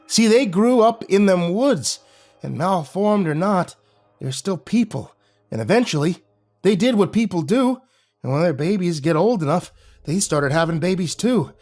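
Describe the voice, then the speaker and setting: A man doing a slow, folksy old storyteller. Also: high voice, expressive, a little mellow, voice pushed up. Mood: ominous. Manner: slow folksy drawl, ominous. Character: older rural man telling grim local lore.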